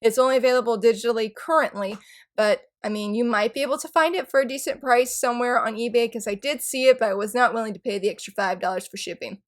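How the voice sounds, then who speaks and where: A woman in her thirties chatting excitedly in a casual book vlog, gushing and rambling about what she loves. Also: on the high side, quick pace. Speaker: book YouTuber.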